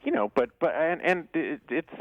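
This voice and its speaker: A man who is an actor guest in a casual interview, rambling with many restarts and quick chuckles. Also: fairly high pitch, expressive, lo-fi sound.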